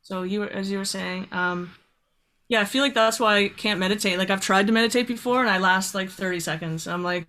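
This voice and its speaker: Woman, podcast guest, mid-pitched voice, laid-back chat, video call. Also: brisk, pushed and bright. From Canada. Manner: chatty, apologetic, laid-back. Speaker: guest singer-songwriter.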